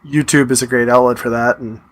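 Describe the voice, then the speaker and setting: A man's voice: medium pitch, steady tone, fairly quick, a bit bright. A man co-hosting a podcast in casual chat, friendly and thoughtful, tending to ramble. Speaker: podcast co-host.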